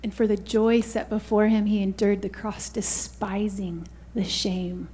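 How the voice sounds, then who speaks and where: A woman's voice: mid-range voice, little pitch movement, measured pace, dark tone, breathy edge. A woman preaching a fervent sermon, often saying "you guys" and "hallelujah" to the congregation.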